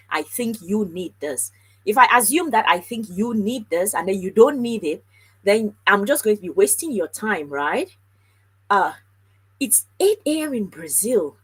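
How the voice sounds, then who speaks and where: A woman's voice: mid-range voice, husky, low-quality recording. A woman hosting a casual live stream about scholarships, chatting with viewers and reading their comments out. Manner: chatty, animated, talks straight to viewers and reads comments aloud. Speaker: livestream host on scholarships.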